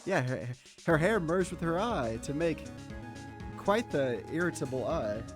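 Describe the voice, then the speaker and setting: A man's voice: on the high side, big pitch swings, unhurried. A man streaming a video game, making casual, crude and joking asides. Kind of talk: casual let's-play commentary. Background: video game music.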